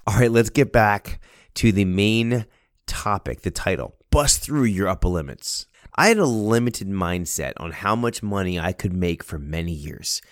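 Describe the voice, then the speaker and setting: Middle-aged guy, low voice, animated storytelling, dry close mic. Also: unhurried, no room sound. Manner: animated storyteller, lively voice shifts. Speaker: speaker, cleaning business owner. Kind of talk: casual storytelling talk.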